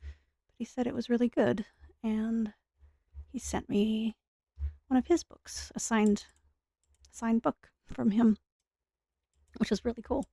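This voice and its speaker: A tired woman giving soft-spoken, rambling commentary while she plays a game, with self-deprecating asides. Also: on the high side, steady tone, takes it slowly, vocal fry, pauses often, breathy edge, dry recording, clean studio sound. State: tired, speaking softer and lower. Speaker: gaming streamer. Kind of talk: casual gameplay commentary.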